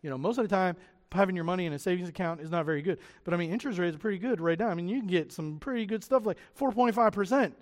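A man preaching a sermon as pastor, animated and lively, acting out the voices of the people he quotes. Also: high voice, rapid-fire, long reverb tail. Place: church sanctuary.

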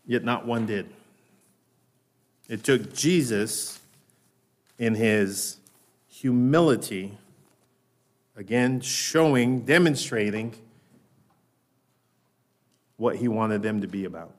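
A man preaching a sermon in a conversational way. He often checks in with "right?", slows down on key words and raises his voice to act out lines. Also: lowish voice. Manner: raises his voice when acting out Peter's lines. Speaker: pastor.

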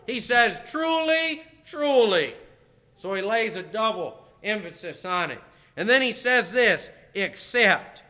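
A man's voice: high-pitched, sharp tone. A man preaching a sermon as pastor, folksy and emphatic, repeating his key phrases for stress. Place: church sanctuary. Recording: long hall reverb.

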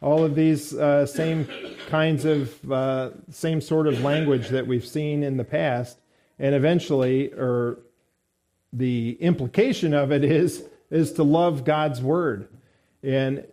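A male preacher delivers a morning sermon at an unhurried pace. His voice is warm and mellow, and he pauses often and fills gaps as he works through his points. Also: medium pitch. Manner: measured, halting delivery with fillers.

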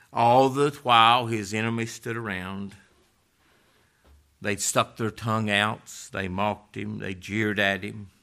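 A middle-aged man with a fairly low voice preaches a sermon, moving between loud, passionate passages and hushed, nearly whispered words.

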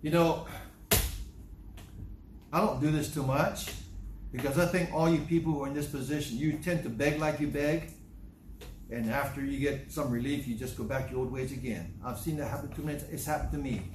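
A man's voice: mid-range voice, fairly quick, roomy sound, noisy background, close to an everyday voice. A man acting out a stern judge who weighs whether to show mercy, speaking in a grave, warning manner. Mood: doubtful.

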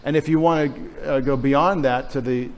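A middle-aged Texan pastor preaches a sermon in church with a light Texas accent, making jokes in chatty asides. His mid-range voice keeps a steady tone and a moderate pace.

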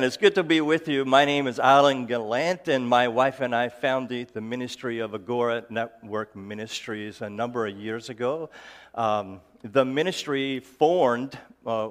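A man speaks to a live audience in a mid-pitched voice. His speech is halting and slightly slurred, broken by fillers and restarts as he tells jokes and stories. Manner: hesitant, with frequent restarts and fillers; jokey storytelling. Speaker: ministry founder giving a talk. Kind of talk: personal talk to a live audience.

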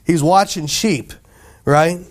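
A pastor preaching a sermon in a casual, conversational way, often asking the congregation questions and acting out quoted voices. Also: male voice, fairly high pitch, slow pace.

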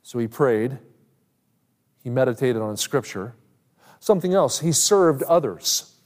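A man's voice: medium pitch, expressive, unhurried. A man preaching a sermon as an evangelist, earnestly quoting Scripture at length and pressing his points with rising emphasis. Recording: long hall reverb.

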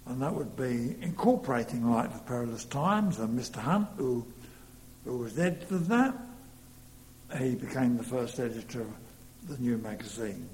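A man's voice: medium pitch, lively intonation, moderate pace, a little mellow. A man preaching a sermon earnestly, leaning hard on key words. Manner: earnest, rising to emphatic stresses. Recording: long reverb in a hall, faint hum.

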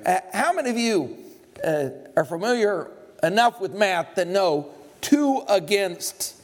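A man with a high-pitched voice preaches a sermon. He retells a scripture story in everyday words, slips in humorous asides and acts out the characters' lines. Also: sing-song, a little slow.

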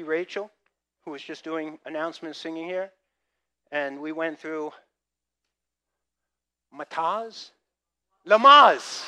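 With a pushed, bright voice on the high side, a middle-aged man preaches as a pastor. His sermon is full of jokes and funny stories from his life, which he acts out, gasps and all.

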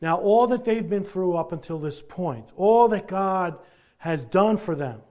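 A man preaching a sermon, reading scripture and explaining it in an earnest, deliberate way, slowing down on key words. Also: high voice, animated, darkish tone.

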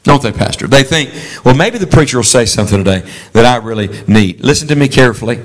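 A man's voice: fast talker, poor audio. A man preaching a sermon as a traveling preacher, leading the congregation in call-and-response. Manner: animated, swooping pitch for emphasis.

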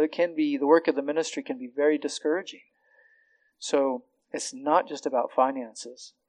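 A man's voice: mid-range voice, darkish tone, no echo, poor audio. A man preaching a sermon as a pastor, earnest, often repeating words as he starts a phrase.

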